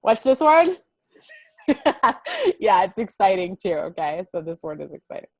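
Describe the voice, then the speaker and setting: A young woman teaching English words to small children in a slow, patient, sing-song way, often checking with "okay?". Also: on the low side, sing-song, breathy edge, dry recording. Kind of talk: online vocabulary lesson for young children. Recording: dull lo-fi sound.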